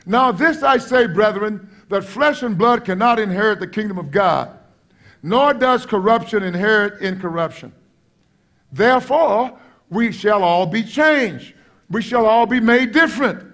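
A middle-aged man preaching a sermon with passion, dropping to quiet asides and then rising to loud exclamations. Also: high voice, lively intonation, normal speed. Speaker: pastor.

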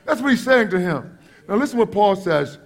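A man with a high voice preaches a sermon, full of fervor. He drops into quiet, low asides, then climbs to loud, ringing exclamations. He sounds middle-aged. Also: sing-song, moderate pace, gravelly. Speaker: pastor.

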